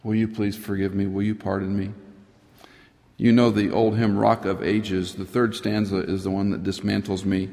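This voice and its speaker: A middle-aged man preaching a sermon, earnest, rising high for emphasis and dropping to a near whisper. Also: flat delivery, moderate pace, a little mellow. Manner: earnest, rises in pitch for emphasis, drops to a near whisper at times. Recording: long hall reverb.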